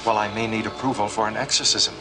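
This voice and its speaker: A man plays an earnest, solemn priest who intones prayers in a steady voice. The film audio is roomy and echoey, with music underneath. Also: on the low side, fast talker, lightly acted. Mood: urgent. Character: solemn middle-aged male priest, earnest. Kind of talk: film dialogue.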